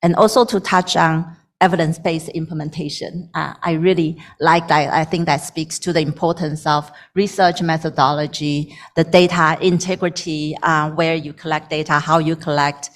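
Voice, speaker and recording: A woman speaking as a panelist in a measured, earnest way. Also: sits low, fairly even intonation. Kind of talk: panel discussion.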